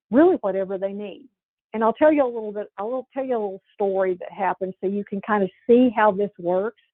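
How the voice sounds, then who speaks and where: A woman's voice: mid-range voice, no room sound. Earnest woman over a tinny line. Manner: earnest, conversational, repeats and restarts. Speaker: sales trainer. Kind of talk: training presentation with a personal story. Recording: dry, tinny phone-like sound.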